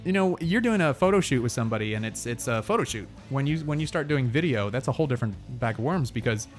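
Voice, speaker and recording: A man's voice: mid-range voice, expressive, fast talker, soft background music. A man hosting a podcast in casual chat, rambling and teasing with many fillers and restarts. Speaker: podcast host.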